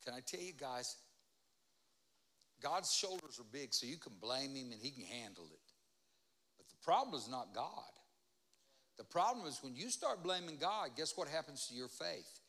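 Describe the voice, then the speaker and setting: A man preaching as a guest speaker at a church, pleading with the congregation, calling for amens and swinging between loud and soft. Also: mid-range voice, sing-song, normal speed, pauses often. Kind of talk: sermon.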